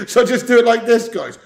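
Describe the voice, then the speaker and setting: Gravelly, jokey male streamer. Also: high-pitched, a bit bright, reverberant. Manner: jokey, laughing, swearing banter. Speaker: livestream host of a football watch-along. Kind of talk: casual livestream chat reading viewer messages. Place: temporary setup on a trip in Spain.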